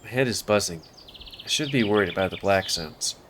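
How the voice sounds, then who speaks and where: A man's voice: on the low side, animated, brisk, fairly bright tone, a little hiss or hum. A man casually reading a visual novel aloud in first person, with offhand asides. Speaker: game streamer.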